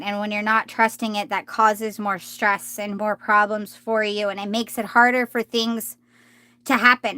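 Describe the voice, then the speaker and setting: A woman doing a live tarot reading, talking gently and reassuringly, often restarting her sentences. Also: on the high side, no room sound. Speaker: tarot reader.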